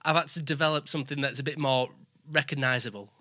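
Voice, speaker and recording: A man with a Yorkshire accent, hosting a casual live-stream chat, chatty and quick to laugh. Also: medium pitch, fairly even intonation, sharp tone, dry recording, studio quality. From England, West Midlands. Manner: chatty, laughs often, restarts sentences. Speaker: host.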